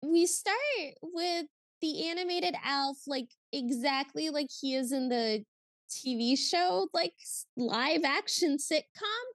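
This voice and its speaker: A woman co-hosting a podcast in casual chat, animated and exasperated as she recaps something. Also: high-pitched, slow, no room sound. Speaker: podcast co-host.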